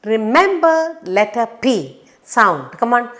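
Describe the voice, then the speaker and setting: A woman teaching children phonics in a slow, sing-song teacher voice. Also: mid-range voice, sing-song, fairly bright tone. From India.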